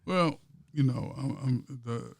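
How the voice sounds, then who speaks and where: A man, a pastor co-hosting a podcast, chatting casually about sports and politics and telling stories that build to loud punchlines. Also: medium pitch, takes it slowly, creaky, dry recording.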